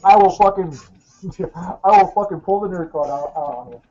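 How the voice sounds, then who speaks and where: A man's voice: sits high, moderate pace, warm tone. Man hesitantly explaining, lo-fi sound. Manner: hesitant, full of fillers, swears. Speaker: podcast co-host. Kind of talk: casual chat. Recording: dull lo-fi podcast audio.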